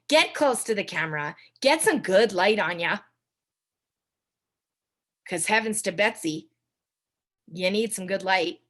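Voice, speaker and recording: A young woman giving a chatty coaching talk to a sales team, with quick asides to her listeners. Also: medium pitch, fairly bright tone. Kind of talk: casual training talk on a video call.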